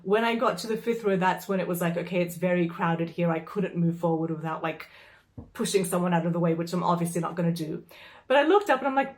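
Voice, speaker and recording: A woman's voice: lowish voice, fast, darkish tone. Chatty exasperated woman telling a story. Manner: chatty, exasperated, swears, lots of "like" fillers. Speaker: vlogger. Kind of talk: casual storytelling vlog.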